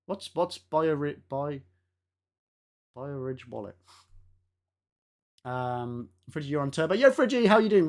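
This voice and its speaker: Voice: mid-range voice, lively intonation, a little slow, long pauses. Game streamer, live-stream chat, casual, laughing, swears.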